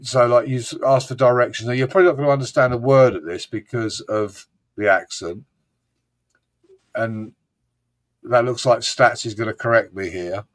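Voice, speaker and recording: Casual male host, mid-pitched, rambling and foul-mouthed, fond of doing accents. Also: fairly even intonation, normal speed. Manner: rambling, swears freely, mimics regional accents. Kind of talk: casual live-stream chat.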